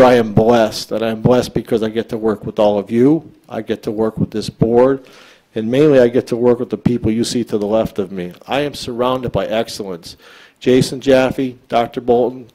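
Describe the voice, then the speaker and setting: An American man stands before a school board and speaks as its superintendent, earnest and emphatic. His voice is mellow and average in pitch, and he often stumbles, repeating a word before pressing on. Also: rough recording. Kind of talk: public address at a school board meeting. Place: school board meeting room.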